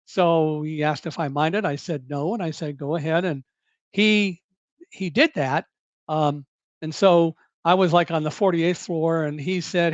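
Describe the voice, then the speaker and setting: An older man telling his own survival story in an interview, in a measured, deliberate way with occasional self-corrections. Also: fairly high pitch, steady tone, no room sound, muffled recording. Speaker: guest recounting a survival story.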